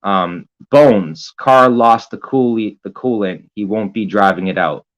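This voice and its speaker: A man chats casually on a live stream in a somewhat low voice. He reads viewer comments aloud one after another. His talk is loose and hesitant, with fillers and casual swearing. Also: unhurried, rough recording. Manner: rambling and hesitant, full of fillers and profanity.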